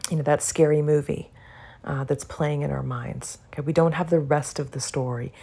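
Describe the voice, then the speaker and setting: A woman's voice: deep voice, normal speed, vocal fry, dark tone. A middle-aged woman, a psychologist, giving an earnest, reassuring educational talk and often checking in with her listeners. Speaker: psychologist educating about benzodiazepine withdrawal.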